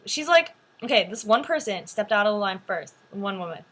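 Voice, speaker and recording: A woman's voice: medium pitch, normal speed, background noise. A young woman vlogger telling a story to camera in a chatty way, full of "like" fillers. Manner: chatty, animated, many "like" fillers.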